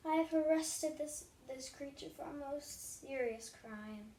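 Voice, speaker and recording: A woman playing a stiff palace soldier from a storybook who reports in a grave, formal tone. She speaks slowly, and the voice echoes in a roomy space. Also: sits high, dark tone, distant mic, a little hiss or hum, voice pushed up. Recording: roomy echo.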